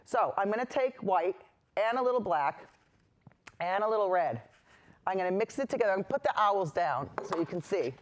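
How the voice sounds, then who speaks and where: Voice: mid-range voice, expressive, a little fast. Rambling, reassuring painting teacher. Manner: rambling, reassuring, wanders into personal asides. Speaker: painting instructor and host. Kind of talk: chatty on-camera painting lesson.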